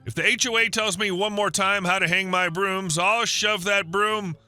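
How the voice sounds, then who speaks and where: A bawdy older woman neighbor who speaks bluntly, as a man reads her out. Her lines come in a bright, somewhat high voice. A faint music bed sits underneath. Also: fairly even intonation, normal speed. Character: older chain-smoking woman neighbor, crude joker.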